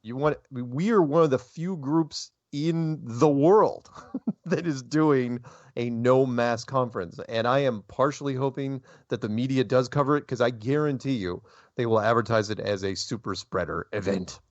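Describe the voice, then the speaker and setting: A man hosting a talk show, talking in a rambling, animated way and laughing often. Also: medium pitch, normal speed, no echo, lo-fi sound. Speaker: show host. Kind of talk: casual interview chat.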